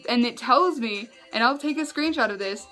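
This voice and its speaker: A woman talks straight to the camera in a casual vlog, her voice sitting a little high. She sounds exasperated yet animated, laughing in disbelief as she goes. Soft music plays faintly underneath. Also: moderate pace. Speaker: vlogger.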